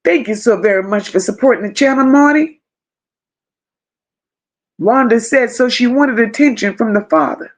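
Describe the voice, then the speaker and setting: A woman's voice: a little high, normal speed, long pauses. A woman hosting a live stream, reading viewer comments and reacting with emphatic repetition. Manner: emphatic, repeats phrases, chats to viewers by name. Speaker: host reading live chat.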